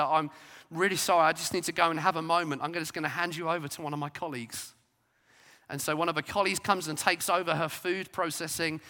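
Bright-voiced preacher man in a reverberant hall. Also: fairly high pitch. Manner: emphatic, rising to loud declarations and dropping to soft asides. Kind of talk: sermon.

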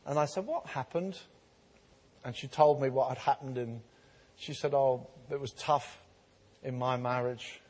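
A man preaching a sermon, telling stories of healing and building to an emphatic, animated delivery. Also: mid-range voice, a little slow, long pauses. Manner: storytelling, growing animated and emphatic. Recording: long reverb of a large hall.

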